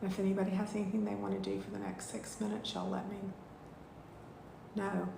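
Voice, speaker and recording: A woman, teaching a live online spiritual class in a gushing, heartfelt way with drawn-out thank-yous. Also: medium pitch, level tone, vocal fry, background noise. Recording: echoey room.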